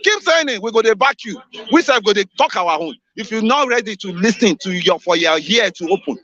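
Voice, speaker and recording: A man's voice: sits high, animated, fairly quick, fairly bright tone. Emphatic Nigerian man calling into radio. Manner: emphatic, rhetorical questions, repeats lines, mixes in Pidgin. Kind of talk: live radio call-in opinion. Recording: dull lo-fi radio audio.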